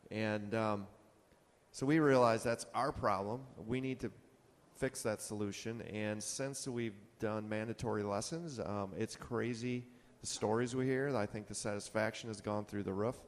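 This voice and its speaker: A man's voice: fairly low pitch, steady tone, normal speed. A man on a conference panel telling a rambling, casual anecdote about his boat store, acting out customers' lines. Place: conference hall. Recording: long hall reverb.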